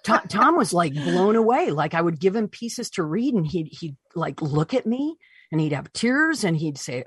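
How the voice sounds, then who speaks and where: Interview guest: woman, low husky voice, animated storyteller, dry close sound. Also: moderate pace, no room sound. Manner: animated, voices her own past reactions. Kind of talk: personal storytelling.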